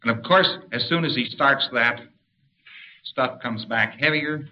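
A man's voice: fairly high pitch, expressive, normal speed, highs cut off, slight background noise. A man giving an explanatory spoken lecture and pointing to a diagram. He now and then acts out short spoken commands.

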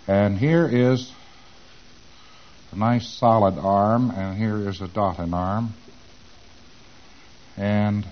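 Man lecturing on a dull old tape. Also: on the low side. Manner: animated, acts out exchanges with quick mumbled asides. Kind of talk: recorded lecture.

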